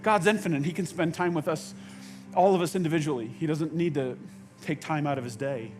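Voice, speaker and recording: A man preaching a sermon in a conversational way, with halting restarts, dropping to quiet intensity and rising to loud outbursts. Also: a little high, faint music behind. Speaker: pastor. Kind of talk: sermon with acted-out quotes.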